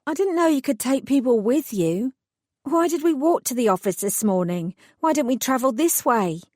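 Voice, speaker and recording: Brief: woman reading a plucky young fairy godmother, mellow and dry, storybook heroine. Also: high voice, expressive, normal speed, no room sound, pitched above the performer's own voice. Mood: eager.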